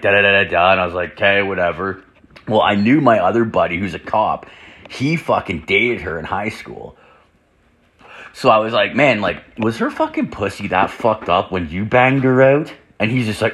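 This young podcaster drinks whiskey as he spins a vulgar, meandering tale, filler "like"s everywhere and plenty of swearing. His lowish voice is fairly bright with lively intonation at a moderate pace, recorded at home with the door open.

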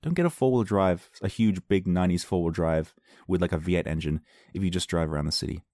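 A man's voice: low-pitched, fast, mellow, no echo, clean studio sound. A man chatting casually to his viewers, rambling through a story, repeating words and laughing easily. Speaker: vlogger.

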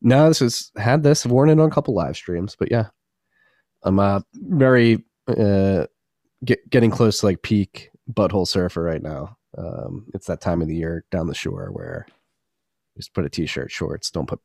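A man's voice: sits low, lively intonation, normal speed, vocal fry, a little mellow, no echo, studio quality. A man in his thirties co-hosting a podcast, joking and loose in casual chat. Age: 30s. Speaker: podcast co-host.

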